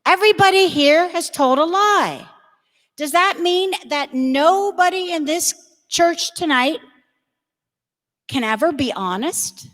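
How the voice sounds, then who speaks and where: A woman's voice: very high-pitched, expressive, slow pace, a bit bright. A middle-aged woman giving a direct, storytelling talk to confirmation students in a large church, speaking straight to the crowd. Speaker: religious education speaker. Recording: reverberant church hall.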